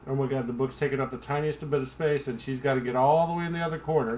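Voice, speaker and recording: Speaking quickly in a steady, slightly mellow mid-range voice, a man drinks and rambles on his home livestream against slight background noise. His talk is profane and self-mocking, and he chats with his dog along the way.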